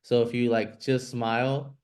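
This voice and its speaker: A man's voice: medium pitch, flat delivery, a little slow, a little mellow. A man coaching a group over a video call speaks in a direct, blunt way. His talk is casual and sprinkled with swearing and the filler "like".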